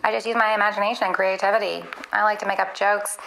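Woman voicing a polite chatbot thing, super creaky, earnest and literal, always saying sorry. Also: medium pitch, level tone, fast talker, a bit bright, a little hiss or hum, poor audio. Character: polite chatbot assistant, female-sounding, earnest. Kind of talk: comedy skit.

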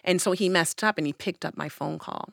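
A woman telling a personal story in casual conversation, acting out her own past lines with lively emphasis. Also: fairly low pitch, brisk, gravelly, dry recording, studio quality.

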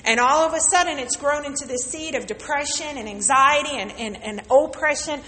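A woman's voice: high-pitched, fairly quick, pushed and bright, big-room sound. A woman pastor preaching a sermon to a congregation, telling a personal story and leading call-and-response. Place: church sanctuary with congregation.

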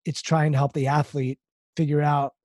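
A man's voice: on the high side, flat delivery, moderate pace, a little mellow, no echo, clean studio sound. A man hosting an interview, thoughtful and searching for words as he asks questions, who works with athletes. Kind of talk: interview conversation.

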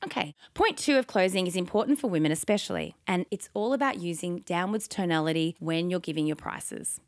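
A woman hosts a solo instructional podcast, coaching her listeners in an upbeat, confident way. Her voice sits lower than most women's, and her sentences land on firm downward inflections. The recording is close and dry. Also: expressive, a little fast, no room sound. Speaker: podcast host and sales coach.

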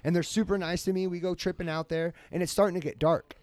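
A man with a high, light voice spins a rambling story, swearing freely and jumping into the voices of the people he quotes. He is close to the mic in a dead, dry room. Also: fairly even intonation, fast, darkish tone, no room sound. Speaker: podcast host. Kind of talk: casual storytelling chat.

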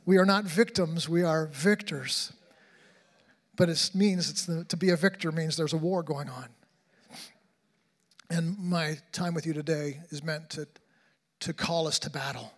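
Conference preacher, male, slightly high voice, impassioned sermon with repeated words. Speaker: conference speaker.

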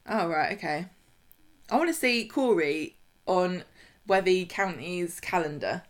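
A woman's voice: lowish voice, lively intonation, a little slow. A woman co-hosting a casual podcast, recapping a soap opera in a chatty, sarcastic way with laughing asides. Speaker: podcast co-host.

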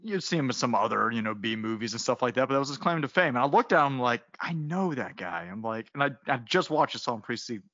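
Bright-voiced man recapping a movie, laughing. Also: mid-range voice, lively intonation, no echo, highs cut off. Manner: laughs often, acts out characters in quick asides. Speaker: podcast co-host. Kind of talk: casual movie recap chat.

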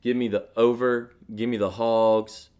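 A man's voice: mid-range voice, flat delivery, measured pace, a little mellow. Joking man, a bit out of breath. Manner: joking, playful banter. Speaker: podcast co-host. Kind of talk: casual sports betting chat.

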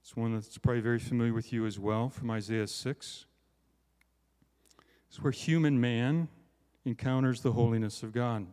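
A man's voice: medium pitch, fairly even intonation, normal speed, a little mellow, smooth. Man preaching in a reverberant hall. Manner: conversational, self-deprecating, frequent "right?" asides. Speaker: conference speaker. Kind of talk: sermon.

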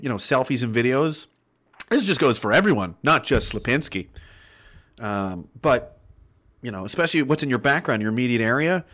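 A man's voice: medium pitch, expressive, brisk, a bit bright. A man in his thirties hosting a stream, reading chat messages aloud and ranting with a lot of profanity. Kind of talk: casual livestream rant.

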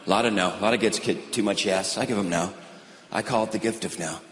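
A middle-aged man doing stand-up comedy on stage with a deadpan drawl, now and then slipping into mocking voices. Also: lowish voice, quick pace. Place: large hall on stage. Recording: roomy, long hall reverb, audience ambience.

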